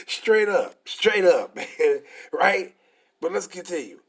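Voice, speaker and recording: A man preaching in a combative, profane style, reading scripture slowly between angry asides. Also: sits high, expressive, vocal fry, a bit bright.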